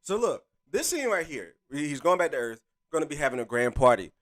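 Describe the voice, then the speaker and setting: A man's voice: a little high, sing-song, a little fast, very noisy. A man hosting a live stream in casual chat, hyped and talking straight to his viewers through a desk microphone. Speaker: streamer host.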